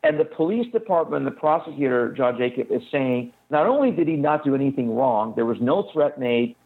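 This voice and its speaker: Fast-talking man on a tinny phone line. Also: medium pitch, animated, husky. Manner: fast, urgent storytelling. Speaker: guest recounting an incident. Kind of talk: phone-in interview account. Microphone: telephone.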